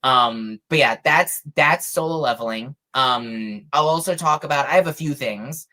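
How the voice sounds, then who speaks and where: A young man co-hosting a casual podcast, rambling through an animated retelling with lots of fillers and restarts. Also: mid-range voice, measured pace. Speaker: podcast co-host.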